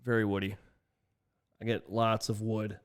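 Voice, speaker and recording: A man's voice: lowish voice, level tone, unhurried, clear, resonant tone. A man co-hosting a casual tasting chat, joking and laughing often, with a stuffed-up nose. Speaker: podcast co-host.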